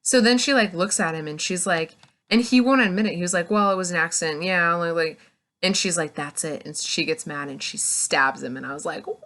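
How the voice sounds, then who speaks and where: A woman giving a casual, chatty book review, retelling the plot with lots of "like" and quick acted-out bits of dialogue. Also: fairly low pitch, slight background noise. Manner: chatty and animated, retells scenes in quick acted-out snippets, heavy "like".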